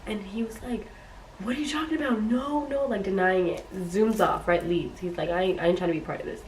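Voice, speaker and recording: A young woman tells a story for her vlog, bouncing between voices as she quotes people. Her voice has a middle pitch. The sound is roomy and a little distant, with faint noise behind it. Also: brisk. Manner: animated retelling, acts out quotes. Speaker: YouTuber.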